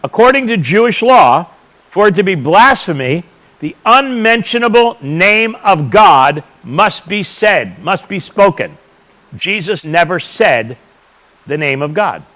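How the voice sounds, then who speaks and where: A man's voice: high voice, very animated, unhurried, pushed and bright, poor audio. A man teaching a church audience, explaining points emphatically and answering his own questions. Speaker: Bible teacher.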